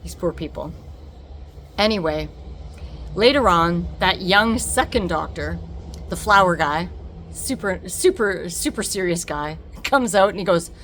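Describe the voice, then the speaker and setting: A woman telling a personal story to camera, animated and emphatic, acting out the dialogue and repeating words for effect. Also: on the low side, unhurried, a little hiss or hum. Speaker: vlogger.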